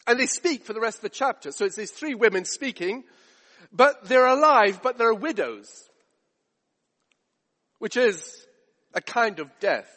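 A man's voice: high-pitched, very animated, unhurried, pauses often, sharp tone, in a large hall. A man preaching a sermon, emphatic with rhetorical questions and repetition.

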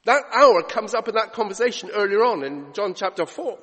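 A man's voice: sits high, expressive, a little fast, sharp tone, breathy edge, long reverb tail. A man preaching a sermon as pastor, retelling scripture stories in a conversational way that builds to emphatic preaching. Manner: storytelling, rising to emphatic preaching. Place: church.

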